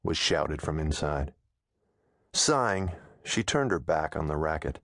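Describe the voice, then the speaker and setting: A man narrating an audiobook in a steady, measured storytelling manner, close to a studio mic. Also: low voice, dry recording.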